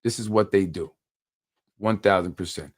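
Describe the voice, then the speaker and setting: A man's voice: low voice, moderate pace. A man hosting a live call-in show on local politics, telling a long story with energy, acting out what others said and repeating words when worked up. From New York.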